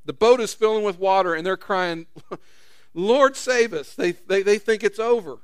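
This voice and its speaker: A man's voice: high voice, moderate pace, clean tone, dry recording, studio quality. A man preaching a sermon in a conversational way, acting out quotes with rising intensity. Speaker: pastor.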